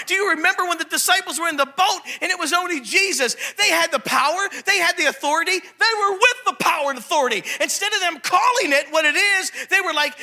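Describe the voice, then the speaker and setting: A preacher man delivers his sermon with animated energy, shouting at times and slipping into little character voices. His voice sits very high with a sharp, bright edge. He sounds like a man in his fifties. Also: quick pace, few pauses.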